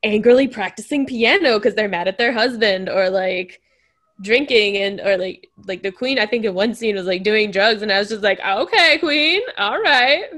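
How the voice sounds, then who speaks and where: Chatty woman co-host, animated. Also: mid-range voice, moderate pace. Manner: animated, acts out quotes in a raised voice. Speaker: podcast co-host. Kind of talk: casual chat.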